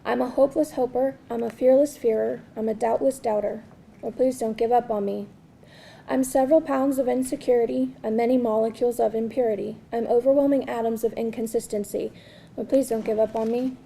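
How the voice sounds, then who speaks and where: A woman reading her own spoken word poetry at a release event, slow and earnest with a repeated refrain. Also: on the high side, steady tone, vocal fry, mellow, slight background noise. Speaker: poet reading her work.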